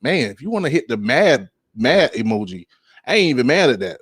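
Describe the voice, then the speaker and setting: A man's voice: medium pitch, sing-song, a bit bright, slightly rough, no echo, clean studio sound. A man hosting a casual music podcast, rambling and laid-back, with many fillers, and he laughs at his own slips. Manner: drawn-out speech with many fillers. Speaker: podcast host.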